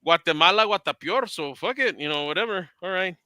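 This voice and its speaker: A man co-hosting a casual comics podcast, animated and swearing freely. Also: sits high, a little fast, dry recording. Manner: animated, swearing, laughs often. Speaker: podcast co-host. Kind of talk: casual chat.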